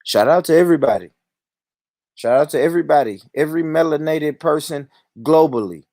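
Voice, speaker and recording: A man's voice: fairly high pitch, a little fast, mellow, no echo, studio quality. A man hosting a livestream, ranting in a heated, profane, repetitive way. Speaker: livestream host.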